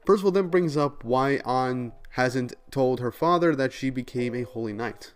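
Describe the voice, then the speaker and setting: A man's voice: medium pitch, moderate pace, clean tone. Chatty man recapping manga chapters. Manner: chatty, many "like" fillers, laughs often. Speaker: manga reviewer. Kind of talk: casual chapter recap and commentary.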